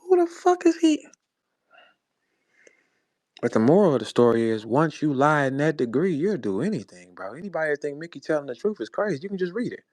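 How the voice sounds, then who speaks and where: A man's voice: a little high, expressive, fast, few pauses, a little mellow, dry recording. A man in his forties from St. Louis, a rapper ranting in a confrontational, profane way in an online audio chat, speaking over a phone. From St. Louis, USA. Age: 40s. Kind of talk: heated rant in an audio chat room. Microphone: phone in an online audio room.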